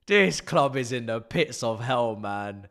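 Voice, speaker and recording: A man's voice: mid-range voice, animated, slow, fairly bright tone. A young man, doing live watch-along commentary on a football match as a fan streamer, ranting in exasperation and mocking the play.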